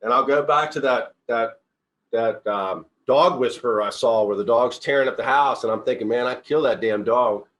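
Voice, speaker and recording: A man's voice: mid-range voice, normal speed, fairly bright tone. Earnest rambling middle-aged man. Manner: rambling, restarts often, earnest storytelling. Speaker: company CEO giving a talk. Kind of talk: informal motivational talk.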